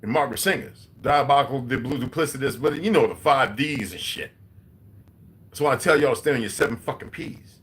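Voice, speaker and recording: A man's voice: medium pitch, a little fast, fairly bright tone. A man in his forties giving a rambling, profane, preachy monologue. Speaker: video host.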